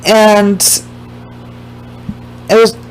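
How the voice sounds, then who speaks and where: A woman casually recapping a documentary to her viewers, emphatic and blunt, swearing freely and slowing down to stress the points that upset her. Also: mid-range voice, little pitch movement, darkish tone, a little hiss or hum, rough recording.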